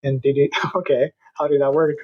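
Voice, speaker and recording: Woman with a very deep, husky voice. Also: level tone, a little fast, muffled recording. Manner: brief, encouraging interjections. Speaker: interviewer. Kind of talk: casual interview talk.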